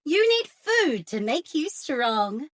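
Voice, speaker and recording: A fretful, caring little girl from a storybook, piping up high and lively as a woman reads her lines. She frets over her poorly cat with bright, rising worry. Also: slow, dry recording, studio quality, full character voice. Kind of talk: storybook read-aloud.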